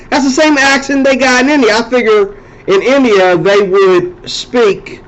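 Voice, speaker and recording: A man's voice: very high-pitched, a little slow, lo-fi sound. A man hosting a casual rambling monologue, talking loosely and circling back to repeat himself. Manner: rambling, conversational, repeats and restarts phrases. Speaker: host.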